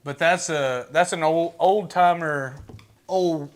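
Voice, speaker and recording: A man's voice: on the high side, takes it slowly. A man co-hosting a casual livestream, joking in a folksy way. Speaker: co-host.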